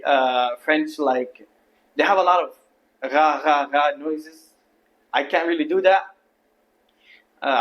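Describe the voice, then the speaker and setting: A man's voice: mid-range voice, fairly bright tone. A man from Palestine with an Arabic accent, a native Arabic speaker, talking straight to his viewers in a candid, rambling monologue. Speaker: vlogger. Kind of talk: casual monologue to camera.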